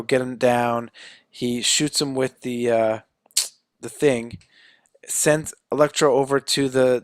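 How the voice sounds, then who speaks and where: A man's voice: mid-range voice, dry recording, clean studio sound. A man co-hosting a podcast, loosely retelling a story and acting out quotes, with fillers. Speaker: podcast co-host. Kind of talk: casual chat.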